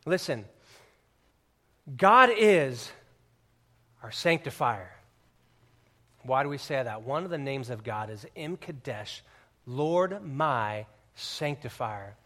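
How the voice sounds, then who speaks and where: A pastor delivering a sermon to his congregation in a conversational, joking way, swinging from quiet asides to loud, emphatic declarations. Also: mid-range voice, animated, takes it slowly, long pauses.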